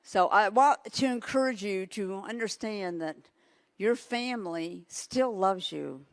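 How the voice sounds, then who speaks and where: A woman preaching a sermon, telling stories in an animated way and laughing now and then. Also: medium pitch, unhurried. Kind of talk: sermon with storytelling.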